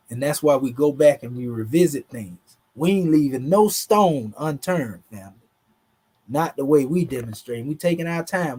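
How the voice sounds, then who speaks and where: A man's voice: on the high side, warm tone, slightly rough. A man with a Southern US drawl giving a casual, emphatic online lesson, talking through charts in a slangy, conversational way. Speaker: teacher.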